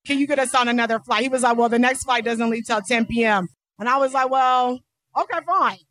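A woman co-hosting a podcast, telling a story in animated casual chat and acting out the quotes. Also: a little high, a little fast, dry recording. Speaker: podcast co-host.

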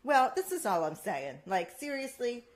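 She has a fairly high pitch and a moderate pace as she co-hosts a relaxed chat show. Playful teasing of her partner mixes with animated, laugh-filled storytelling.

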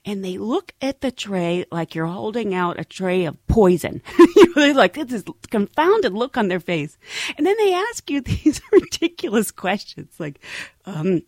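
Flight attendant lady telling funny work stories, lots of laughing, really lively voice. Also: medium pitch, normal speed, dry recording. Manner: animated storyteller, laughs often. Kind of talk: casual anecdote telling.

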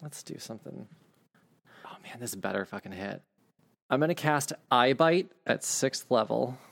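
Brief: male game master, casual rules talk, gravelly fry in the voice. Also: mid-range voice, moderate pace. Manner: relaxed, explains rules, swears casually. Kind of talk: running a tabletop game.

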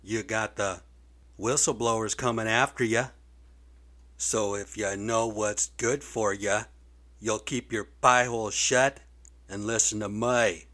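A man voicing a bossy presidential aide who bluntly warns his boss to keep quiet. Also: on the low side, steady tone, slow pace. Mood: warning.

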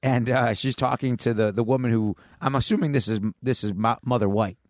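A podcast co-host retells a comic plot in a casual, rambling way, full of fillers and restarts. His mid-range voice is a little mellow, brisk, and fairly even in intonation. The recording is studio quality with no echo.

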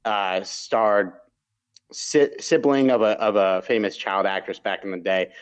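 A man's voice: lowish voice, unhurried. A man co-hosting a podcast, chatting casually about TV shows he watched, rambling with restarts and asides. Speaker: podcast co-host reviewing TV shows. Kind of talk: casual chat.

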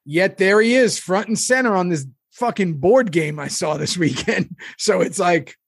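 A man co-hosts a podcast in loose, casual chat, wandering through stories full of fillers and little acted-out quotes. His voice sits a bit high for a man. The sound is dry and close, with no room around it. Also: expressive, moderate pace, slightly rough, dry recording. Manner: rambling storyteller, lots of fillers and acted quotes. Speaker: podcast co-host.

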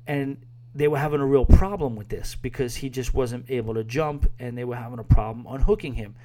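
A man hosting a casual review podcast, rambling and chatty, often trailing off and starting over. His voice is mellow and dark, at an average pitch for a man. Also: steady tone, fairly quick. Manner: rambling, chatty, with frequent fillers and restarts. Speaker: podcast host.

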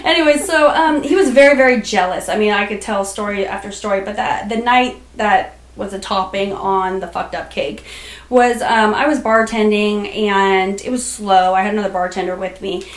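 A woman, a podcast guest, telling a personal story in a blunt, casual way, swearing freely and filling her talk with "like" and "um". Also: mid-range voice. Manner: blunt, swears freely, rapid with many fillers. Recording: roomy echoey room.

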